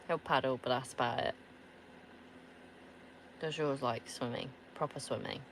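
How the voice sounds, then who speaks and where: A woman's voice: extremely low pitch, steady tone, unhurried, a little hiss or hum. A woman chatting casually to her viewers in a camper van. She laughs often and swears offhandedly. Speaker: van-life vlogger. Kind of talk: casual chat answering viewers.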